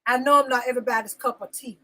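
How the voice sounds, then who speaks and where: A woman's voice: on the high side, fairly even intonation, racing, pushed and bright, rough recording. A woman hosting a live talk show segment, venting emotionally, repeating herself for emphasis and greeting viewers by name. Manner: emotional and insistent, repeating phrases. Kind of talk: live-stream venting monologue.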